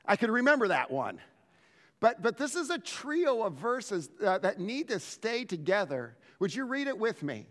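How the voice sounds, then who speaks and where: A man preaching a sermon as pastor, telling stories in an animated way and often restarting his words. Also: high-pitched, normal speed, big-room sound. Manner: animated storytelling with frequent word restarts.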